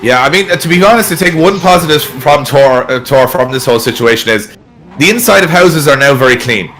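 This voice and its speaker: A man's voice: medium pitch, animated, a little fast, a bit bright. A man hosting an online event in casual, rambling chat, often trailing off mid-sentence. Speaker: event host.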